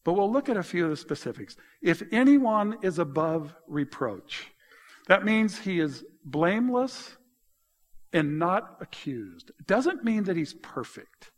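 Guy preaching a sermon, fairly high voice, gets worked up telling stories, echoey church hall. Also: a little slow. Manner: animated storytelling, emphatic. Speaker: pastor.

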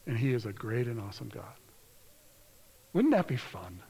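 A man preaching a sermon, reading scripture aloud in an earnest way and slowing down or dropping to a hushed whisper for emphasis. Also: mid-range voice, sing-song, creaky, husky. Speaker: pastor. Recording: long hall reverb.

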